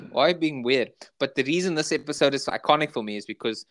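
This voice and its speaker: A South African man co-hosting a podcast, casually retelling sitcom scenes and jumping into high, squeaky imitations of the characters. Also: quick pace, a bit bright, no room sound. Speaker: podcast co-host. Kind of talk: casual chat.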